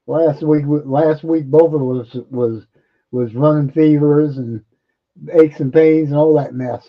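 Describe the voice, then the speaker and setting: A man chatting casually as a co-host on a live stream, talking very slowly and laughing along with the jokes. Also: fairly high pitch. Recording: dull, lo-fi sound.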